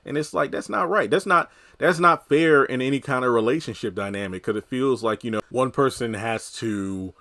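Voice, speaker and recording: Male recap commentator, mid-pitched voice, loose conversational delivery full of fillers. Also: normal speed, few pauses, pushed and bright. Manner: conversational, rambling, heavy on fillers. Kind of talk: casual commentary.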